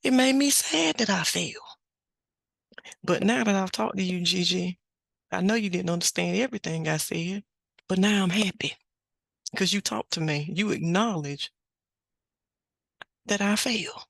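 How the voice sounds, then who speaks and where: A woman's voice: mid-range voice, a little slow, creaky, long pauses, a bit bright, no room sound, clean studio sound. A woman putting on an earnest toddler boy. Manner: earnest, simple childlike phrasing. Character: small toddler boy voicing his feelings.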